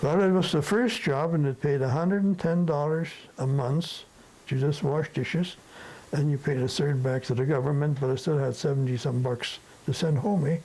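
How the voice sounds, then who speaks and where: Gravelly old man telling stories. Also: a little high, moderate pace, a little mellow, low-quality recording. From Sudetenland. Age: older. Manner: rambling, peppered with tag questions. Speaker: interviewee. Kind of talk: storytelling reminiscence.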